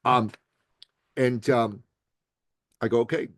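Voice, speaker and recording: An older man, a guest on a podcast, telling a story with lively energy and slipping into the voices of the people he quotes. His voice sits at an ordinary middle pitch for a man. The sound is dry and close, with no room echo. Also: normal speed. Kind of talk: storytelling in a conversation.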